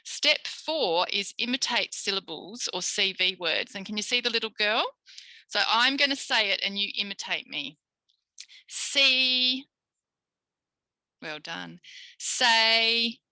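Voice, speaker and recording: A woman's voice: mid-range voice, animated, moderate pace, sharp tone, no room sound, poor audio. A woman with an Australian accent giving a live online speech pathology tutorial, modelling sounds and praising her listeners as if they were young children.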